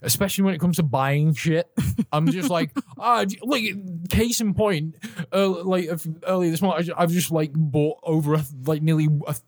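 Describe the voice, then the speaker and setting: A man's voice: on the high side, moderate pace, dry recording, clean studio sound. A man co-hosting a podcast in casual chat, rambling and self-deprecating, with frequent swearing. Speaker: podcast co-host.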